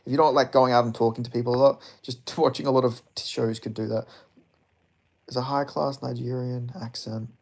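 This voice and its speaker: A man's voice: mid-range voice, flat delivery, brisk, vocal fry. A man in his twenties chatting casually with his live-stream audience, rambling and swearing as he reads chat. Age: 20s. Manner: profane, rambling, laughs often.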